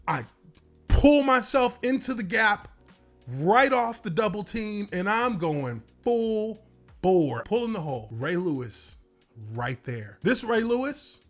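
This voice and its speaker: Animated man telling a football story. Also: high-pitched. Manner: animated, swears, laughs while telling. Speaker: former NFL lineman telling a story. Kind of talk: storytelling monologue.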